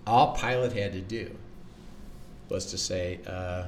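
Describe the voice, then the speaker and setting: A man's voice: low voice, takes it slowly, recorded from a distance, slight background noise. A man teaching the Bible in conversation, earnest, acting out quoted lines and often repeating words.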